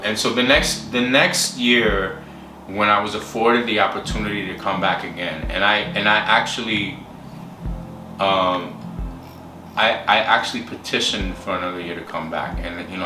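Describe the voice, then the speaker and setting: A man candidly telling his personal story in an interview, halting and full of fillers. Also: low-pitched. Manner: candid, halting, with many fillers and acted quotes. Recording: roomy distant mic with music behind.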